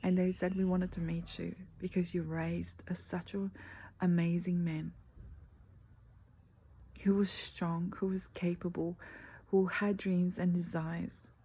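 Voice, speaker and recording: Dark-voiced woman coaching softly. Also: fairly low pitch, level tone, low-quality recording. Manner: earnest, slow and emphatic, often dropping to a breathy near-whisper. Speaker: life coach. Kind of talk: motivational talk. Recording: faint background noise.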